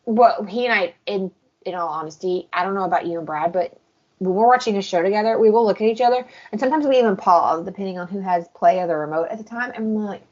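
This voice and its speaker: A woman co-hosting a book podcast in casual chat, lively and quick to act out what others said. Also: mid-range voice. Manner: animated, acts out quotes of others. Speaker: podcast co-host. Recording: dull lo-fi podcast audio.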